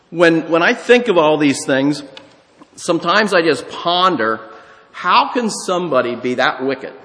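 A man's voice: fairly high pitch, sharp tone, big-room sound. A man preaching a sermon, moving from a folksy, conversational personal story into a teaching on scripture. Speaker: pastor.

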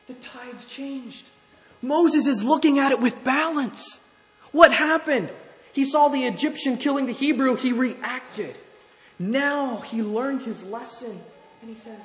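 A man preaching a sermon in an animated way, putting questions to the congregation. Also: sits high, takes it slowly. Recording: echoey hall, faint room noise.

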